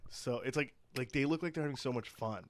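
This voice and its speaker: A man's voice: mid-range voice, quick pace. A man telling stories in casual podcast chat, rambling with lots of filler words and laughing often.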